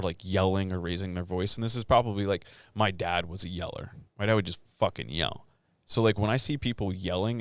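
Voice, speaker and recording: Low-voiced man telling a heated story. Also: dry recording. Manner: swearing, heated storytelling with many fillers. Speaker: podcast co-host. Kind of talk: casual podcast chat.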